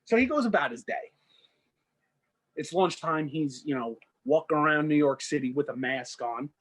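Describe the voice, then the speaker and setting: A young man co-hosting a podcast, telling a made-up story in a loose, rambling way and slipping into quick character voices. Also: fairly high pitch, animated. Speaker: podcast co-host. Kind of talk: casual storytelling chat.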